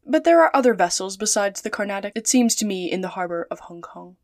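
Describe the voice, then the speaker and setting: Lady reading a calm cold english gent, quiet and low. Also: fast, no echo, clean studio sound, lightly acted. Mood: placid. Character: cool, unflappable English gentleman traveler.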